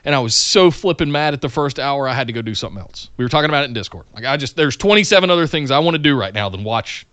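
A man in his forties co-hosting a casual podcast, earnest and halting, often restarting mid-thought. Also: medium pitch, expressive, a bit bright, dry recording. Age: 40s. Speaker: podcast co-host. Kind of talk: casual wrestling podcast chat.

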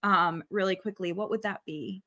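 A woman's voice: medium pitch, normal speed, sharp tone. A woman hosting an interview, speaking casually and encouraging her guest with frequent affirmations. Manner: supportive, frequent short affirmations. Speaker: podcast host.

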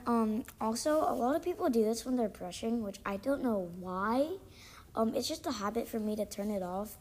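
A woman's voice: medium pitch, a little mellow. A woman hosting a casual solo podcast, chatting in an exasperated way full of ums and likes. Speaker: podcast host; student.

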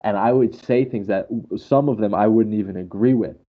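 A man chatting casually and telling animated, laughing stories. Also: fairly low pitch, a little fast, husky. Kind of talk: casual chat. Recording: dull lo-fi audio.

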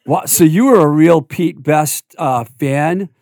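A man's voice: on the high side, unhurried, darkish tone, no room sound, studio quality. A man hosting a casual interview, eagerly prompting his guest and jumping in with details. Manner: enthusiastic, prompting, jumps in with details. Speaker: podcast host.

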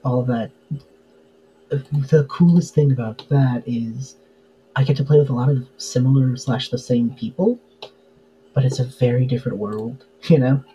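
A man's voice: mid-range voice, steady tone, unhurried, warm tone, dull audio, a little hiss or hum. A man chatting casually as a podcast guest, full of fillers and easy laughs. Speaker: podcast guest, tabletop game player. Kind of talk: casual interview chat.

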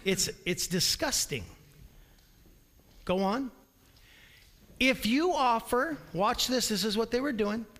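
A man preaching a sermon in a church, energetic and calling for responses from the congregation. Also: high-pitched, unhurried, pauses often. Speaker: pastor. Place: church sanctuary. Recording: long reverb of a large hall.

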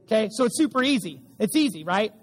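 With a voice that sits high, swings widely in pitch, and moves quickly, a middle-aged man preaches emphatically as pastor. Repeated lines and congregation call-and-response mark his delivery, and the sanctuary's long reverb trails behind.

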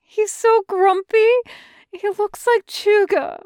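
A woman voicing a sweet, soft-hearted young man who gushes and tears up easily, slipping into breathy whispers. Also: very high-pitched, fairly even intonation, takes it slowly, dry recording, clean studio sound, voice pushed up, full character voice. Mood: gushing.

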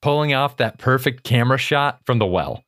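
Laid-back man with a middle-pitched voice. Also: animated, moderate pace, a bit bright. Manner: laid-back, profane, joking. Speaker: podcast co-host. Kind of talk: casual movie chat.

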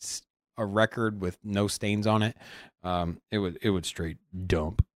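A man co-hosting a casual podcast, talking in an animated way with many halting restarts. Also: lowish voice, no room sound, studio quality. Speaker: podcast co-host.

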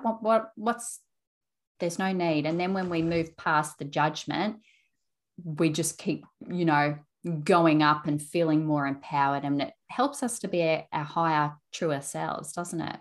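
A woman's voice: low voice, fairly even intonation, a little slow. A woman hosting an interview, affirming her guest and telling a personal story with frequent restarts. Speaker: interview host. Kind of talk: conversational interview.

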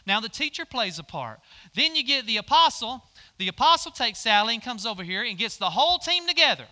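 A man's voice: very high-pitched, very animated, a little fast, sharp tone. A middle-aged male pastor preaching a folksy sermon, directing volunteers through a live demonstration on stage.

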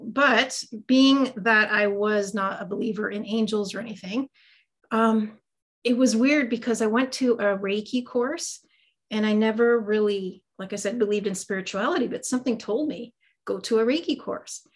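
Here a psychic medium and Reiki master talks about her life as an interview guest. She's middle-aged, with a voice on the high side and a moderate pace, and her casual, self-deprecating chatter is full of fillers.

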